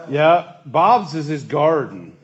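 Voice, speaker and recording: Man, youth group leader, casual church talk, slightly high voice, lo-fi recording. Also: big pitch swings, slow. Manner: chatty, asks the group questions.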